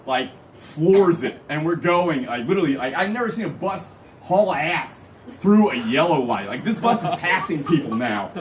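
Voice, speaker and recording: A man's voice: a little high, lively intonation, normal speed, hardly any pauses, slight background noise. A young man telling a comic story live on stage, rambling and packing in "like" and "literally.". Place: live show venue. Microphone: phone camera from the audience. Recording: phone recording from far off.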